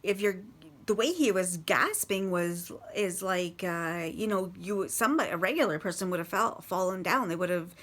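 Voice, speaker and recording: A woman casually recounting life with a partner's drinking, halting and swearing bluntly, with many restarts. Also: fairly low pitch, animated. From Canada. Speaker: partner of a recovering alcoholic. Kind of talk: casual personal storytelling.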